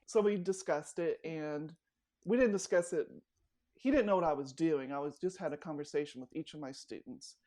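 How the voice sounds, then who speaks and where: Her voice sits low and moves at normal speed as she, a middle-aged life coach, shares stories in a casual interview. Quoted lines get acted out in character, in true animated-storyteller fashion.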